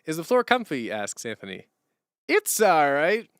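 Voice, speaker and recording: A man's voice: a little high, wildly swooping pitch, measured pace, fairly bright tone, no echo, studio quality. A man chatting casually on a live stream from the floor at home, rambling through chat questions and laughing easily. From Canada. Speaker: streamer and musician. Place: room at home, sitting on a hardwood floor.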